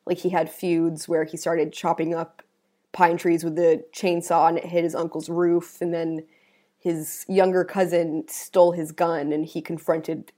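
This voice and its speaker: A woman's voice: fairly low pitch, little pitch movement, a little slow, mellow. A woman co-hosting a casual true-crime discussion, explaining her points in a thoughtful way. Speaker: podcast co-host.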